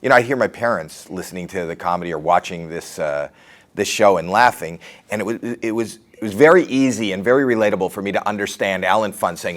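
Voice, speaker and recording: A man's voice: on the low side, fairly quick, fairly bright tone. A middle-aged man with a Canadian accent, talking through his comedy career in a candid, rambling, self-deprecating interview.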